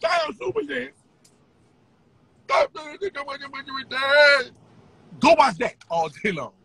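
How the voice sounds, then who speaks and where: Male streamer, very high and lively pitch, taunting profane rant with sing-song shouting. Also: moderate pace, slight background noise, rough recording. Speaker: social media personality. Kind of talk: profane ranting livestream.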